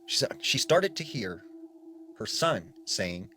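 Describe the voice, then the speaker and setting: A man's voice: mid-range voice, big pitch swings, normal speed, fairly bright tone, a little hiss or hum. A man casually retelling spooky stories in a conversational way, full of fillers like "like". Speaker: storyteller. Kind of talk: casual spoken ghost story narration.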